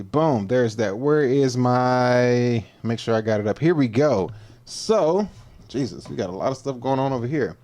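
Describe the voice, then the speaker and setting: A man's voice: medium pitch, a little mellow. A man hosting his own livestream as a fitness coach, talking casually and slangy, often repeating and stumbling over his words, at times in a mock-preacher style. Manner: slangy, laid-back.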